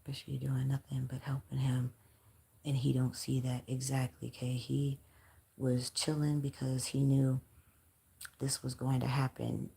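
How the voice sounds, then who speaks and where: Livestream host, woman, low voice, blunt and profane, on the verge of tears. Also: flat delivery, unhurried, creaky, warm tone, husky. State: close to crying. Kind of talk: emotional livestream chat with viewers.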